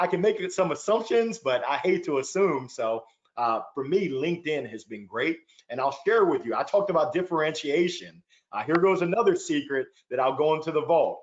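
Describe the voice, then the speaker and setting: A man's voice: a little high, highs cut off. A man speaking as a panel guest in a webinar, upbeat and earnest, often repeating words as he starts a thought, heard over a video call. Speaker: panel guest, sales leader.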